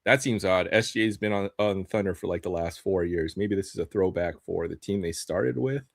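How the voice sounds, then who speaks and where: A man's voice: deep voice, fairly quick, creaky, dry recording, clean studio sound. A man hosting a live stream, chatting casually while opening sports cards, laughing often and trailing off with ums.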